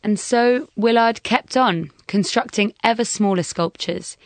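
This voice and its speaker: A man narrating a documentary in a measured, scripted way. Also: high voice, no room sound.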